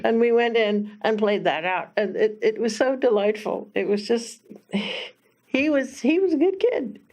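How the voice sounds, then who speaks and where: A woman minister telling a personal story in a halting, chatty way, often laughing and animating her quotes. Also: on the high side. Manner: lively quoted voices.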